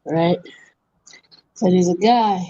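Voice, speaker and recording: A woman's voice: on the low side, slow pace, dark tone, muffled recording, slight background noise. A woman hosting a livestream, casually telling long jokes. She trails off, restarts and corrects herself mid-story, and laughs at her own punchlines. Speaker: livestream host.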